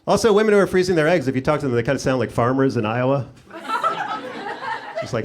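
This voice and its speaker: A man's voice: mid-range voice, animated, quick pace, pauses often. A middle-aged man doing a sarcastic stand-up set on a comedy club stage, talking into a handheld mic. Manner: sarcastic, riffing. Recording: noisy live club recording.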